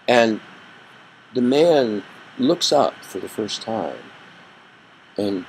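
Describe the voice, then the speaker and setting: A man teaching a communication workshop, telling a story with an animated delivery that rises and drops for effect. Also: fairly low pitch, a little slow, slightly rough, poor audio. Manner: animated storyteller, rising and dropping his voice for effect. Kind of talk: storytelling lesson.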